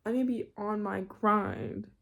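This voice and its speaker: A woman's voice: medium pitch, huge pitch swings, a little slow, vocal fry. A young woman in university, ranting casually in her bedroom, rambling, cutting herself off and laughing often. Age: young adult. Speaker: vlogger.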